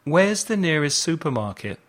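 Man reading practice questions, lively intonation. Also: a little high, moderate pace. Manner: careful, clearly spoken questions. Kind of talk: reading example phrases for learners.

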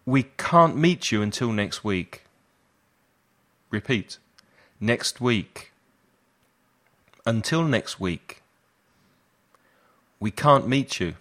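Slow, deliberate male teacher. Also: medium pitch, lively intonation, a bit bright. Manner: slow, deliberate repetition for learners. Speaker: English teacher. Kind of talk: slow language lesson drills.

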